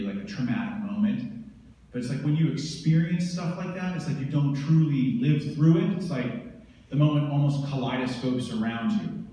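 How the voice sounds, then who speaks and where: A man's voice: medium pitch, warm tone, distant mic. A man from the United States, a veteran speaker, intensely and vividly retelling a personal story. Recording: roomy hall from afar.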